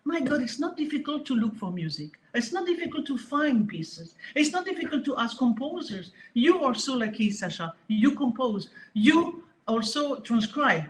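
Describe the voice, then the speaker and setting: High-voiced French woman, emphatic. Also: normal speed, few pauses. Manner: animated and emphatic, with many restarts. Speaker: harp teacher and guest. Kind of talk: casual interview conversation.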